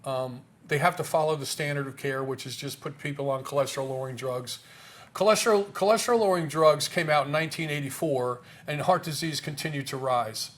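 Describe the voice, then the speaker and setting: A man's voice: fairly high pitch, a little fast, fairly bright tone. A man in an interview talking casually about health research, emphatic, with rhetorical questions and frequent restarts.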